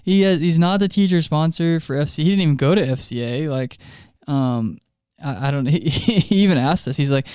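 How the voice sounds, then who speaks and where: Man, youth ministry co-host, casual podcast chat, smooth clear voice, dry close mic, laughs through his stories. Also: fairly high pitch, fairly quick, few pauses, a little mellow, dry recording. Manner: chatty storyteller, laughs often mid-sentence.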